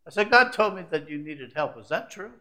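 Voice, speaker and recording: A middle-aged man preaching from the pulpit with a somewhat high voice. He builds to loud, emphatic peaks, then drops to hushed, conversational asides to the congregation. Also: expressive, fairly quick. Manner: preachy, swings from loud climaxes to quiet asides. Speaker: pastor. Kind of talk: sermon.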